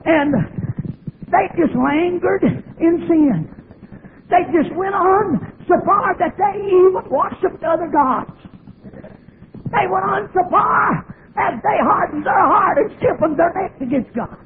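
A man preaching a revival sermon in a sobbing, shouting cadence, heard through a thin, tinny recording. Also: extremely high pitch, lively intonation, slow pace, slight background noise. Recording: tinny phone-like old recording.

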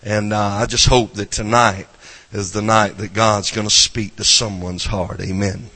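A man's voice: lowish voice, level tone, a little slow, pushed and bright, long reverb tail. A man with a Southern accent from South Carolina, preaching a folksy revival sermon to a congregation and dropping in frequent amens.

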